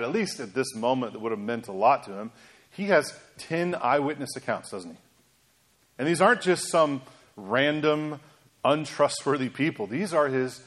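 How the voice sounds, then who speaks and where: A man preaching a sermon in an animated, emphatic way, asking rhetorical questions of his congregation. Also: medium pitch. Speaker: pastor.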